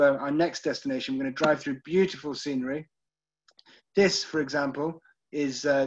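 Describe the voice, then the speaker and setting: Through lo-fi audio, a man from the United Kingdom with a mid-range voice and British accent leads a live online literary tour. He chats casually, often checks in with listeners, and says um frequently.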